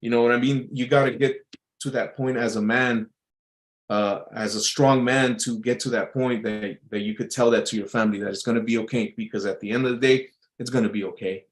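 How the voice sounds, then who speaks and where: A man's voice: mid-range voice, steady tone, fairly quick, poor audio. A man talking casually in a loose, repetitive monologue, reading out quotes and musing on them with many restarts and fillers. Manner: reads out quotes and muses on them.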